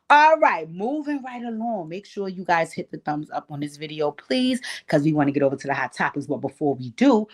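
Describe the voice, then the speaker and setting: A woman in her forties giving a casual, sassy and blunt recap of reality TV as a channel host, cursing freely and addressing her viewers directly. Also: lowish voice. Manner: sassy, blunt, profane, animated asides.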